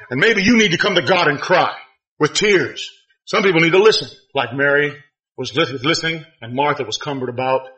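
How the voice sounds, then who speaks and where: A man preaching a sermon with fervor, swinging between shouted appeals and quiet, low passages. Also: low-quality recording. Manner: fervent preaching, rising to shouts and dropping to quiet.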